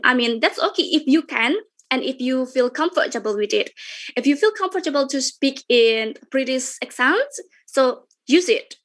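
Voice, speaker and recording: A young Indonesian woman with an Indonesian accent gives a chatty, informal webinar talk, repeating phrases and using frequent fillers. Her voice is a little high and a bit bright.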